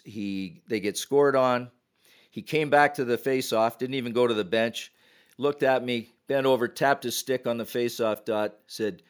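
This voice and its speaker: An older man from Canada, a retired hockey referee and podcast guest, telling stories in a lively way and acting out quotes. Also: mid-range voice, smooth. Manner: animated storyteller acting out quotes. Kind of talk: podcast storytelling.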